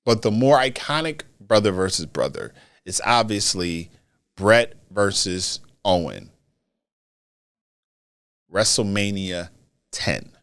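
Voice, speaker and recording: A man hosting a solo wrestling commentary podcast, talking in an animated way and repeating phrases for emphasis. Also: lowish voice, slow, pauses often, clear, resonant tone. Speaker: podcast host.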